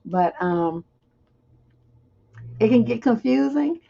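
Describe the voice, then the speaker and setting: A woman's voice: fairly high pitch, animated, slow pace, vocal fry, dark tone, husky, dull audio. A woman hosting a livestream advice show, reading viewer questions aloud and answering them with blunt, joking frankness. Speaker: relationship advice host.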